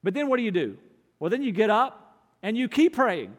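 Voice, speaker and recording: A man delivering a sermon in a high, light voice, earnest and deliberate, drawing out the words he wants to land. His voice rings out with a long reverb, as in a large church sanctuary. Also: big pitch swings. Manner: earnest, slows and stresses key phrases. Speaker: pastor.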